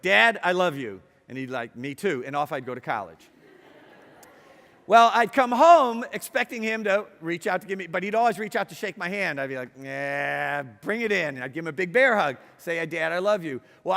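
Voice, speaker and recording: A middle-aged man from Ohio telling a personal story to an audience, wry, moving between quiet reflection and lively, amused telling. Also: fairly high pitch. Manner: wry, swings from hushed to lively. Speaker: speaker. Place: university hall. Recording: hall with long reverb.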